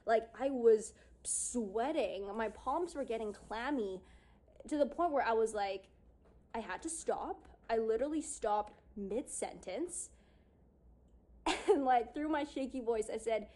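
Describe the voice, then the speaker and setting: A woman's voice: fairly high pitch, lively intonation, a little slow, warm tone. A woman telling a personal story to her audience in a casual way, using lots of fillers and acting out what she and others said. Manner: casual, lots of "like", acts out her own past lines. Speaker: speaker on confidence and yoga.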